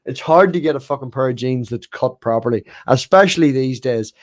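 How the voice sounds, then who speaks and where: A man's voice: medium pitch, a little fast, no room sound. A man hosting a casual online chat, joking around and swearing freely. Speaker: streamer host.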